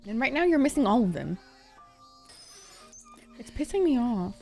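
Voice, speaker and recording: A woman's voice: fairly high pitch, big pitch swings, moderate pace, creaky, darkish tone, faint music behind. A young woman from Egypt giving casual reaction commentary on an anime, exasperated, swearing and venting at the characters.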